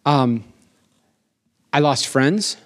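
Animated male pastor preaching a sermon. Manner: animated, emphatic, asks the congregation for amens; slows down for emphasis, rising pitch on key lines.

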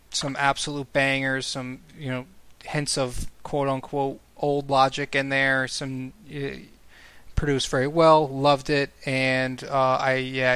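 A man's voice: mid-range voice, fairly bright tone, clear, resonant tone, dry recording. A man chatting casually as a podcast co-host, rambling and swearing freely as he laughs at his own stories. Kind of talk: casual chat.

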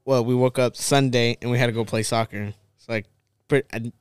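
Laid-back young man, clear voice. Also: mid-range voice, steady tone, brisk, no echo, clean studio sound. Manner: laid-back, rambling, filler-heavy. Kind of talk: casual chat.

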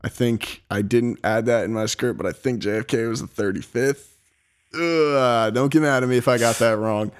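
A man's voice: mid-range voice, moderate pace, smooth. A young man hosting a podcast, casually telling a story from a script, swearing and joking in an apartment. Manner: profane, laughing, reads from a script. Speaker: podcast host. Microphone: laptop.

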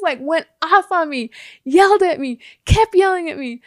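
A woman co-hosting a casual chat, telling an animated story, acting out the dialogue and often breaking into laughter. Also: high-pitched, normal speed, no room sound, studio quality. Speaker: podcast co-host.

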